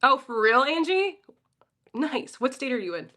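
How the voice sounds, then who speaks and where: A woman's voice: high-pitched, very animated, measured pace, sharp tone. A woman from Philadelphia giving a casual, profane pep talk on a livestream and answering her chat. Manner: blunt, profane, talks straight to chat.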